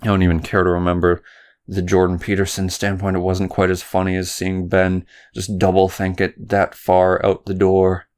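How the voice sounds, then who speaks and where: A man's voice: sits low, completely flat delivery, normal speed, a little mellow, smooth. A young man from Canada hosting a solo podcast, rambling through political commentary, swearing and stumbling over his words. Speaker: podcast host.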